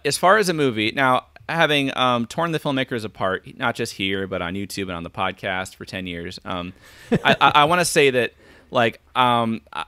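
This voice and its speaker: A man's voice: on the low side, sharp tone, no room sound. A man speaking as a podcast guest over a video call, thinking aloud and acting out quoted lines. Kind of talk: casual video call chat.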